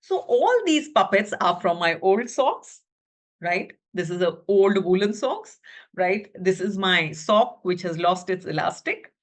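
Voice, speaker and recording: Woman teacher presenting a webinar: animated, expressive storyteller, slow and higher-pitched. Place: her own room at home.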